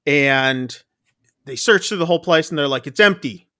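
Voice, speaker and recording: Guy on a movie podcast going through the plot, kinda high and bright, lots of "like" and "uh". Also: moderate pace, clear, resonant tone. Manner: recaps plot loosely with many fillers and "like". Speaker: podcast co-host. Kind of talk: casual movie review chat.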